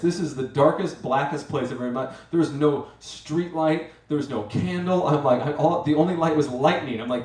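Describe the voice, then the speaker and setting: A man's voice: fairly high pitch, normal speed, a little mellow. A man telling a rambling, self-mocking comic story on stage at a live storytelling event, acting out his own asides. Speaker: storyteller and master of ceremonies. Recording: roomy live venue, mic from far off.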